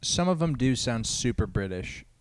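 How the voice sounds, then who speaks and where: A man's voice: mid-range voice, very animated, moderate pace, clear, resonant tone. A young man co-hosting a comedy podcast in rambling, jokey chatter that often trails off. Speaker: podcast co-host. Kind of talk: casual comedy podcast chat.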